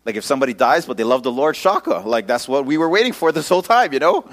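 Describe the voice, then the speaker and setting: Male pastor, casual storytelling sermon, lively ups and downs in pitch, local slang. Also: fast.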